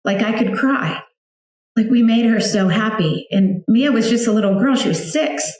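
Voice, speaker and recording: A woman's voice: a little high, normal speed, a little mellow. Woman, chatty emotional storyteller, mother, very echoey room. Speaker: guest, founder of a flower outreach for widows. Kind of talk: personal storytelling interview.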